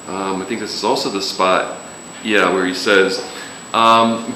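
A man's voice: on the low side, steady tone, measured pace, few pauses, bright, forceful tone, a little hiss or hum. A man preaching a sermon in a casual, joking way, with sudden emphatic rises. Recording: echoey room with faint ambience.

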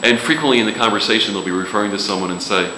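A man's voice: on the low side, racing, bright, forceful tone, slight background noise. A man preaching a sermon in a casual, joking way, with sudden emphatic rises. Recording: echoey room with faint ambience.

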